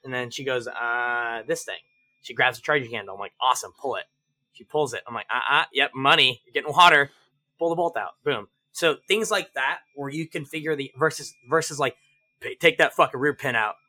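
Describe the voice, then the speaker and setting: A man as a podcast guest, telling stories animatedly, swearing freely and acting out shouted range commands. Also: mid-range voice, fairly quick. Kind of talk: casual interview chat.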